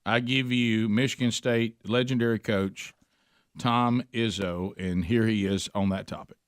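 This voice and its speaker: A man's voice: fairly low pitch, steady tone, unhurried, clean tone, dry recording, clean studio sound. A man hosting a radio talk show, chatting casually and joking with his co-hosts. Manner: chatty, laughing, jokey.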